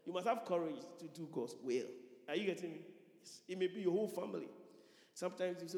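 A man's voice: on the high side, quick pace, warm tone. Preacher man in an echoey hall. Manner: repeats lines for emphasis and calls out to the congregation. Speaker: pastor. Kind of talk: sermon. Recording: echoey church hall reverb.

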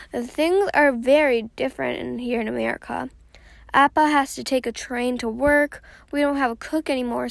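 High, gravelly woman reading aloud. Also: dry recording. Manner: steady first-person reading with small slips. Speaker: reader. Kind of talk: audiobook reading of a novel.

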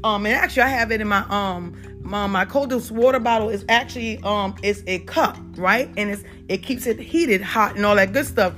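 A woman's voice: mid-range voice, moderate pace, fairly bright tone, soft background music. Chatty Southern woman talking health. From South Carolina. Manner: chatty, repeats "you guys" and "y'all", many fillers. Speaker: holistic health talk host. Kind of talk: unedited casual health and faith talk.

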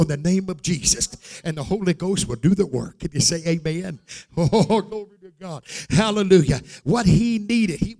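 Fervent older preacher, high voice. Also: male voice. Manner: fervent, repeats "glory to God" and "hallelujah"; builds to shouting and singing out phrases. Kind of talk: sermon.

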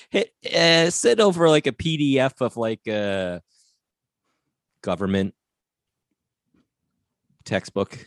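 A man co-hosting a comedy podcast, wry and quick to laugh in casual banter. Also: mid-range voice. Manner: animated, wry, laughs often. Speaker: podcast co-host.

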